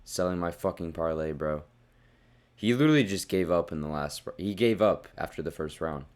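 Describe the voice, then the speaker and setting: Deep-voiced young man ranting about fights. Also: lively intonation, normal speed, a little mellow. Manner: blunt, profane, worked-up rants. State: losing his voice. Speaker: fight reviewer. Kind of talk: casual fight recap.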